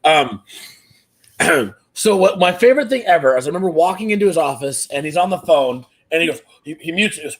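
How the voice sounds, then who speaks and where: High-voiced man telling a swearing anecdote. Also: brisk. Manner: swears freely, deadpan jokes. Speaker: podcast co-host. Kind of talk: casual storytelling.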